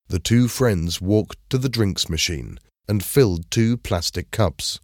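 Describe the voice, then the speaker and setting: A man reading a simple story aloud in clear, measured narration. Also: fairly low pitch, expressive, a little mellow, no room sound, clean studio sound. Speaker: storybook reader. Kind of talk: scripted narration of a graded reader.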